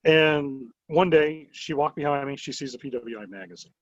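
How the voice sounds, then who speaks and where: A man in an interview rambles through his stories with lively energy, leaning on "like" as filler. His voice sits a touch high for a man. The recording is dull and lo-fi with a dry, close sound. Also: normal speed, no echo. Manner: animated, rambling, many "like" fillers. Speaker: wrestling promotion owner. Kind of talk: casual storytelling interview.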